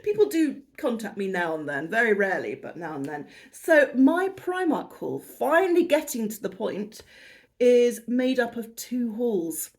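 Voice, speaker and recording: A woman's voice: on the high side, very animated, a little slow. A British woman in her fifties, chatting to camera in a rambling, self-deprecating way and often laughing at her own tangents. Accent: British English. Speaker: haul vlogger. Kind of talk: rambling casual chat to camera.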